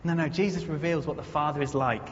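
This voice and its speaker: A man's voice: a little high, fairly even intonation, quick pace. A man preaching a conversational sermon in a church, earnest and storytelling, building to emphatic repetition. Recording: echoey muffled hall recording, faint noise.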